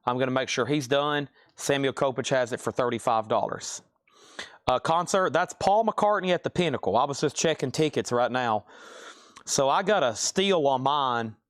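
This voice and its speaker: A man's voice: mid-range voice, animated, moderate pace, no echo, studio quality. A man hosting a live vinyl record sale, chatting casually and rambling between sales. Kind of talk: casual live-stream selling.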